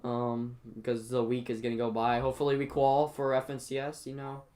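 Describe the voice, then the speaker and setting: A man's voice: mid-range voice, completely flat delivery, a little fast, a little mellow, a little hiss or hum. A teenage boy hosting a stream, telling school stories in a rambling casual chat full of fillers. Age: teens. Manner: rambling storyteller with many fillers and restarts. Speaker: streamer host.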